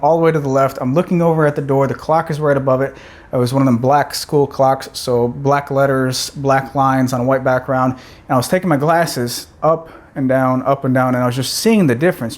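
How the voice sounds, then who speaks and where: A young man chatting straight to his viewers in a casual vlog. He sounds excited and rambles, often stopping and restarting his sentences. His pitch sits in an ordinary middle range for a man. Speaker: vlogger. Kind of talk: casual vlog talk to camera.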